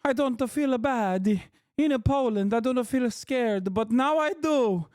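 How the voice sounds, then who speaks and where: A man's voice: extremely high pitch, measured pace, darkish tone, clean tone, no room sound, clean studio sound, pitched above the performer's own voice. A man putting on a mock Italian accent to voice a frightened young Italian woman tourist, exaggerated and mocking.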